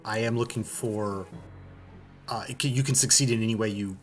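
Man, game master, narrating tabletop game, halting, searching for words, faint music behind. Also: lowish voice, steady tone.

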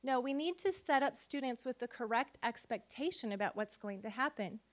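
A woman's voice: fairly high pitch, expressive, moderate pace. A middle-aged woman giving a conference talk on phonics, teaching spelling rules by quizzing the audience with rhetorical questions. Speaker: literacy educator and conference speaker. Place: conference room before an audience.

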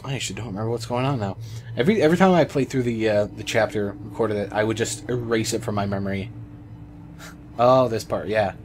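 A man's voice: on the low side, quick pace. Rambling young man commentating a game. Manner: rambling, excitable, swears. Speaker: gamer. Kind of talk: let's play commentary. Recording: noisy background ambience.

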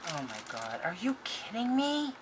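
A woman vlogger opening crafting mail on camera, gushing, excitable and talking straight to her viewers and the senders. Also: mid-range voice, normal speed, a little hiss or hum. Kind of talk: casual unboxing chat to camera.

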